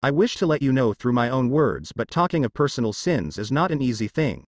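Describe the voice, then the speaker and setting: Motherly goddess, gentle and guilt-laden, a man reading her lines. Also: medium pitch, expressive, fairly quick, dry recording, lightly acted. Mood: guilty, sad. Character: gentle motherly female earth goddess, tiny fairy form.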